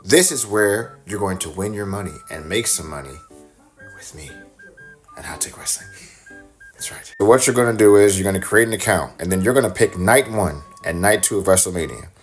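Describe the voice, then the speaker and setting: A man's voice: fairly low pitch, animated, brisk, hardly any pauses, soft background music. A man hosting a podcast, giving repetitive step-by-step instructions in a teasing way and putting on a British accent. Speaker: podcast host. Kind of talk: recorded promo announcement.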